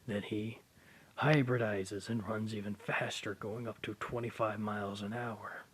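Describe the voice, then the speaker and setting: A hoarse man with a sore throat casually narrating a fan story in a rambling, loose way. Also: lowish voice, fairly even intonation, measured pace, slight background noise.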